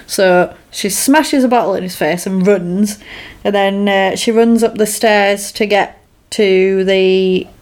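A woman's voice: medium pitch, takes it slowly. Woman co-host, chatty film recap, acts out the dialogue. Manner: animated storyteller who acts out characters' lines. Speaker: podcast co-host. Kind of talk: casual chat recapping a film.

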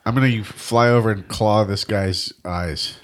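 A man playing a tabletop game with friends, describing his character's attacks in an animated, jokey way. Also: fairly low pitch, a little slow. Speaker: player. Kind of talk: casual tabletop game chat.

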